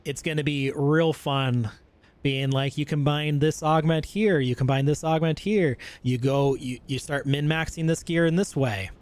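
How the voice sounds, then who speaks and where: A man's voice: a little high, moderate pace, a little mellow. A man streaming a game, chatting loosely and enthusiastically with viewers in slangy, rambling commentary. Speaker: gaming streamer. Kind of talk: casual gameplay commentary.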